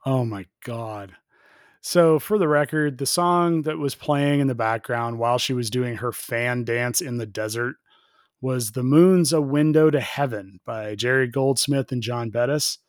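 A man co-hosting a casual podcast chat about a film, jokey and animated, acting out bits in a high voice. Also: unhurried, no room sound, clean studio sound. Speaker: podcast co-host.

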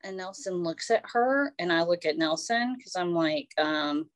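Animated woman podcast co-host. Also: on the low side, a little slow, no room sound. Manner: animated, acts out voices in her stories. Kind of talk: casual storytelling chat.

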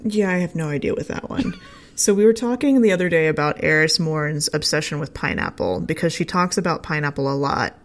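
A woman's voice: low voice, animated, fairly quick. A woman hosting a casual podcast chat about game lore, chatty and laughing easily. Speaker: podcast host.

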